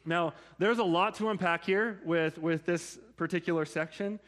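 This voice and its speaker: A man preaching a sermon in a conversational way, often checking in with his listeners through quick asides. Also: fairly high pitch, a bit bright. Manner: conversational, frequent "right?" and "like" asides. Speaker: pastor.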